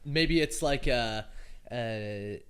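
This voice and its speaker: A man as a podcast guest, easygoing and quick to agree in casual chat. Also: medium pitch, a bit bright, smooth.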